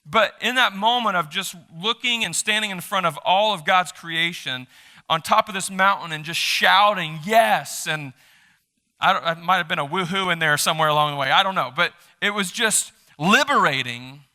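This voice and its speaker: A male pastor giving a live sermon in a church, animated and emphatic, joking with the congregation. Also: high voice, normal speed. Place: church sanctuary during a service.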